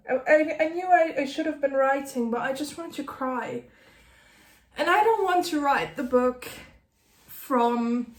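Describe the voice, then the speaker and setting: A woman in her late thirties, an author giving a candid personal update to camera, halting and apologetic, often breaking off mid-sentence and laughing through tears. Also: sits high, echoey room. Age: late 30s. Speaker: author vlogger. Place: at her desk, in a roomy room.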